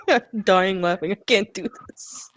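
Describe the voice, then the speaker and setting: A woman's voice: mid-range voice, wildly swooping pitch, takes it slowly, a bit bright. A woman from Canada, chatting on a live stream with giggly, foul-mouthed jokes. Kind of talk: casual live-stream chat.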